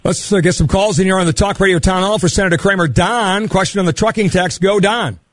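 A male talk radio host taking calls, brisk and sardonic, rushing toward the break. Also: sits high, fairly even intonation, no echo.

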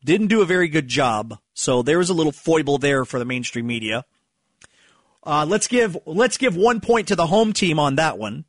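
A man talks through a casual political monologue in a sarcastic, rambling way, often restarting his sentences. His voice sits somewhat high for a man. The recording is close and dry, with no room sound. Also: big pitch swings, normal speed, no room sound. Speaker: political commentary host.

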